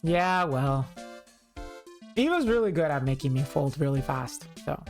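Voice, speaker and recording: A young woman streaming a game, joking with her chat and repeating lines for effect. Her voice sits a little low but swings widely in pitch, and she takes her time. Faint game music plays behind her. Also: expressive, unhurried, darkish tone. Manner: joking, playful, repeats herself. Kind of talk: casual live-stream chat while playing.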